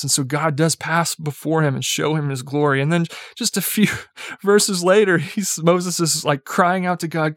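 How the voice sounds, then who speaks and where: A young man delivers a casual, chatty sermon in a slightly higher voice, sprinkling in "like" and "right?" and chuckling lightly as he goes. The sound is close and dry. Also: measured pace, dry recording. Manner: conversational, peppered with "like" and "right?"; chuckles lightly while speaking. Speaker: preacher.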